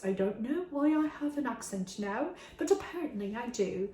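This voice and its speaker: A woman's voice: a little high, expressive, fairly quick, few pauses, mellow. A woman tarot reader talking casually and ramblingly to her viewers, swearing now and then as she wraps up a reading. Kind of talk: casual channeled reading wrap-up. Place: room at home. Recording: echoey room.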